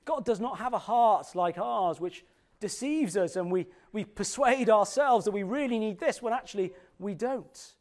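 A middle-aged man preaching a sermon, expressive, dropping to slow, quiet emphasis on scripture. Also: sits high.

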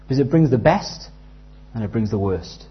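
A man in his thirties preaching a sermon earnestly, dropping to a hush and rising loud as he tells stories. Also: medium pitch, lively intonation, moderate pace. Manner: earnest, with big swings from hushed to loud in anecdotes. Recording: slightly dull, lo-fi sound.

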